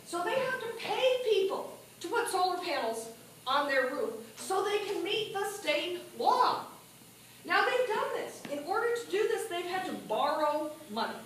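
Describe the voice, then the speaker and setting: A woman with a very high voice gives a lively speech at a party meeting and keeps asking the audience questions. She is recorded from across an echoey hall, with faint noise underneath. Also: normal speed. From New Mexico. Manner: animated, asks the audience questions. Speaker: political speaker. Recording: echoey room from a distance.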